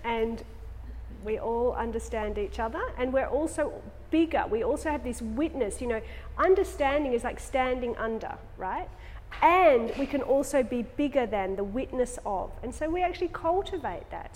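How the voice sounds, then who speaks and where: A woman's voice: on the high side, animated, normal speed, darkish tone, slight background noise. A woman talking to a yoga class, rambling and conversational, asking the class many tag questions before leading a guided relaxation. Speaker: yoga teacher. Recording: echoey studio with long reverb.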